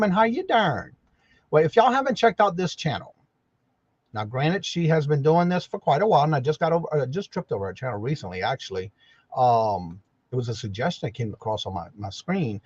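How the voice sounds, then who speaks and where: Casting: male stream host, lively sing-song greetings, dry lo-fi sound. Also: a little high, fast talker, breathy edge, no room sound. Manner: greets viewers by name with a repeated welcome; rambling, folksy, self-correcting. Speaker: livestream host. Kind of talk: casual live-chat morning show.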